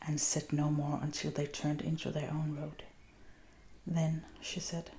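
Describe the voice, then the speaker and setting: A woman with a Danish accent reading a children's story aloud in a soft, gentle ASMR voice, often half-whispered. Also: deep voice, fairly even intonation, normal speed, slight background noise. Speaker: reader.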